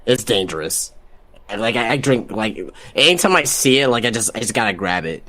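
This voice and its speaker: A man's voice: fairly low pitch, lively intonation, a little fast, sharp tone, no room sound. A man guesting on a podcast, speaking hesitantly with stammering restarts. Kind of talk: casual podcast chat.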